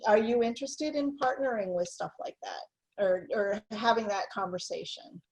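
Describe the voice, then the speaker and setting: A woman who is a guest on a podcast, chatting casually and pitching a business idea. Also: moderate pace, darkish tone, breathy edge, rough recording. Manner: brief back-channel replies, then pitches an idea. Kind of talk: casual interview chat.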